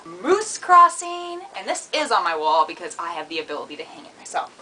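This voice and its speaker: Young woman, vlogger, goofy, rambling, squealing outbursts, bright voice. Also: low-pitched, animated, fast, slight background noise, rough recording. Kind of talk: casual comedic vlog.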